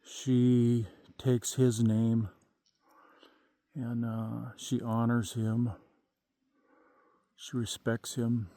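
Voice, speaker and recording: A man's voice: medium pitch, completely flat delivery, very slow, pauses often, mellow, dry recording. A man in his fifties rambling folksily with lots of fillers, vlogging outdoors at night in the countryside. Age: 50s.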